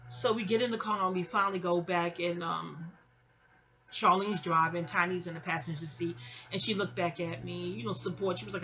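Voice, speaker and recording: A woman in her fifties telling a long, rambling personal story, animated and digressive, with frequent exclamations. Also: mid-range voice, a little fast. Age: 50s. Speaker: vlogger.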